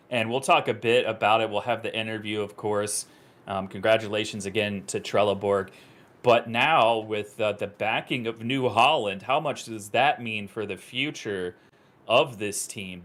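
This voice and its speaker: Guy calling an esports final live, gets real excited and high-pitched on the big plays. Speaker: esports commentator. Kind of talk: live esports play-by-play commentary.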